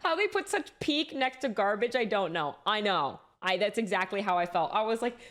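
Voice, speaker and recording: A young woman chats loosely to her stream audience at a mid-range pitch. She swears freely and restarts her sentences as she goes. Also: animated, normal speed, fairly bright tone. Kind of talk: casual live-stream chat.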